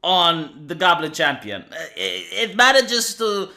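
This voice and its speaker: A man reviews an anime episode in casual commentary over clips, sarcastic and profane, ranting through rhetorical questions. His high-pitched voice is very animated and sharp, with vocal fry, and his pace is a little slow.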